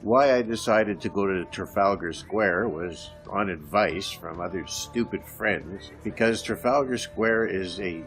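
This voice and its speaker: A man's voice: low-pitched, a little slow, few pauses, faint music behind. An older man from Canada telling a long story about his past as a podcast host, rambling and poking fun at himself, speeding up as the story gets tense. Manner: rambling, self-mocking, speeds up when excited. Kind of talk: storytelling monologue.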